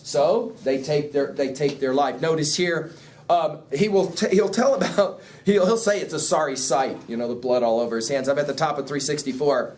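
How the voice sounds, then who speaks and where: A man's voice: on the high side, slight background noise. Questioning male teacher lecturing class. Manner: asks the class questions, lively explaining. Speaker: English teacher.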